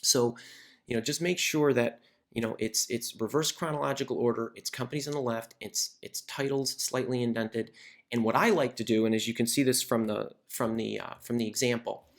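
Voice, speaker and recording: A man's voice: medium pitch, steady tone, fairly quick, vocal fry. A man who hosts a career advice video, teaching in a conversational way and often repeating words as he thinks. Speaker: career coach and video host. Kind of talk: instructional talk to camera.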